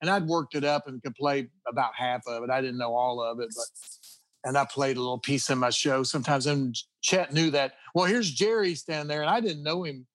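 A man's voice: medium pitch, brisk, a bit bright, dry recording. A middle-aged man telling rambling anecdotes in a casual interview, full of restarts and chuckles. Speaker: guest guitarist.

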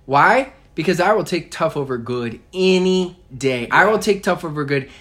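A man co-hosting a podcast, speaking emphatically and turning to motivational advice, with excited peaks. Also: on the high side, moderate pace. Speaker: podcast co-host, network marketing speaker.

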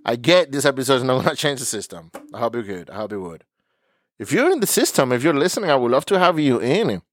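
A man's voice: medium pitch, sing-song, fast, no room sound. A man hosting a podcast as a therapist, speaking earnestly and emotionally and often repeating words as he searches for them. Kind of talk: heartfelt podcast monologue.

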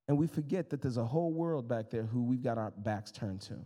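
A man in his thirties, a pastor preaching a sermon in a lively, conversational way with jokes and asides to the congregation. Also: mid-range voice, quick pace, few pauses, big-room sound.

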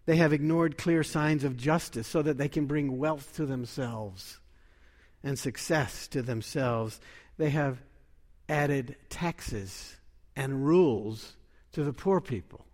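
A man preaching a sermon in a measured, emphatic way, lifting his voice when he quotes scripture. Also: medium pitch, a little mellow, big-room sound.

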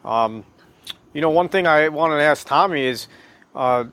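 A man in a casual chat about car repair, rambling with quick asides. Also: on the high side, a bit bright.

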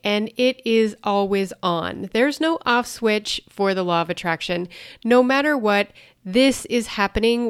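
A woman's voice: medium pitch, smooth, dry recording, clean studio sound. A woman teaching about the law of attraction, explaining earnestly with everyday examples and light laughs. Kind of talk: explanatory talk to camera.

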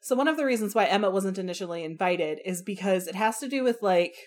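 A young woman co-hosting a casual podcast about a book, relaxed and laughing along as she explains it. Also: medium pitch, quick pace. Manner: relaxed, laughs along, uses fillers like blah blah. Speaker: podcast co-host.

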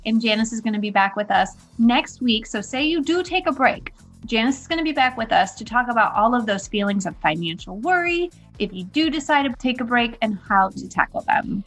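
A woman's voice: fairly high pitch, expressive, brisk, fairly bright tone, faint music behind. A woman co-hosting a podcast in casual chat, emphatic and encouraging, repeating phrases for stress. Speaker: podcast co-host.

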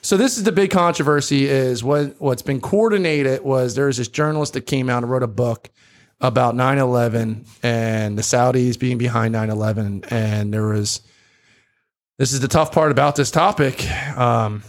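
This South Jersey co-host has a mid-range voice and talks at a moderate pace. He gives long explanations on a casual podcast, peppered with frequent ums.

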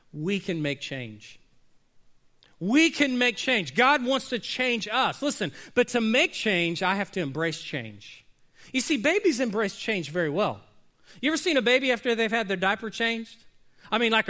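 A man preaching a sermon, animated and conversational, slipping into quick acted asides and questions to the congregation. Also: very high voice. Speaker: pastor.

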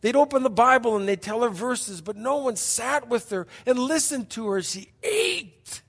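A middle-aged male pastor preaching a sermon as a story, emphatic and repetitive, dropping to hushed passages between bursts. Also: very high voice, animated, normal speed. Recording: long hall reverb.

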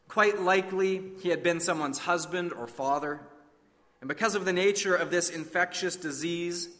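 Male preacher, dramatic storyteller swinging from hushed to loud, forceful and bright, echoing sanctuary. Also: fairly high pitch. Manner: dramatic, drops to a hush, then cries out. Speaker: pastor. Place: church sanctuary. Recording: long reverb of a large hall.

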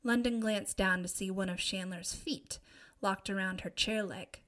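A woman narrating a young adult story in a steady, expressive reading voice. Her pitch sits in an ordinary middle range. The delivery is smooth and scripted. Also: measured pace. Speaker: audiobook narrator.

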